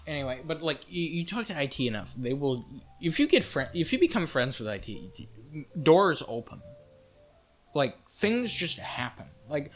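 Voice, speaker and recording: A man's voice: fairly high pitch, normal speed, faint music behind. A young man co-hosting a student podcast, joking and telling stories in casual chat. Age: young adult. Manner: joking, animated storyteller. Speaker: podcast co-host, engineering student.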